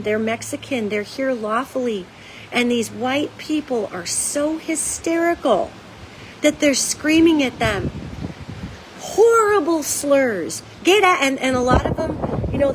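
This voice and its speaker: A woman's voice: high-pitched, a little hiss or hum, low-quality recording. A woman host giving an urgent, emphatic monologue straight to her viewers, folksy and blunt, with casual swearing. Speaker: psychic commentator and show host. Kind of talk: direct-to-camera monologue.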